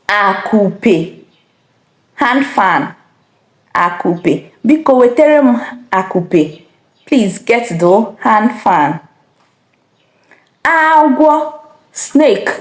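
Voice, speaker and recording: A woman teaching vocabulary, saying each word slowly and repeating it with careful tones. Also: on the high side, echoey room. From Nigeria. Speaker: language teacher. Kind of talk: slow vocabulary lesson.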